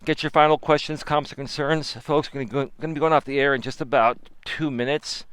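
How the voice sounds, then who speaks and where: Male life-coach host, casual live-stream talk, emphatic and chatty, smooth voice. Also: fairly high pitch, fast talker, dry recording. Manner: animated, emphatic, talks to chat viewers. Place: walking outdoors with phone.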